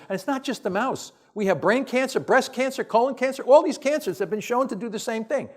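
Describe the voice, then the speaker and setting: Male professor lecturing a hall; higher-pitched, blunt and exasperated, punchy rhetorical questions, loose unscripted delivery. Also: animated, quick pace, hardly any pauses. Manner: casual, off-the-cuff phrasing with restarts. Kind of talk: science lecture to an audience.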